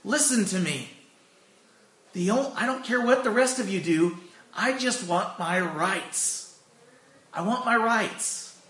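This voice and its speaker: A man's voice: sits high, lively intonation, slow, long pauses, bright, forceful tone, voice pushed up, exaggerated voice. A man voicing an angry churchman, insistent. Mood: indignant. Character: angry churchman demanding his rights. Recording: roomy echo.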